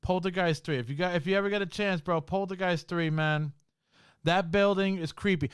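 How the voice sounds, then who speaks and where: A man's voice: a little high, expressive, a little fast, clear, resonant tone, no room sound, clean studio sound. A man hosting a podcast, telling a spooky story from work in a casual, slangy way, full of swearing and "bro". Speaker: podcast host.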